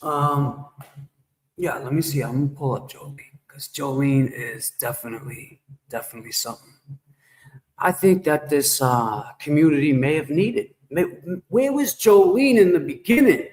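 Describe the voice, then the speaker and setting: A man's voice: medium pitch, moderate pace. A man livestreaming and chatting casually with viewers, rambling and joking as he talks back to the chat. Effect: shower-like echo effect. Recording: echoey reverb effect on voice.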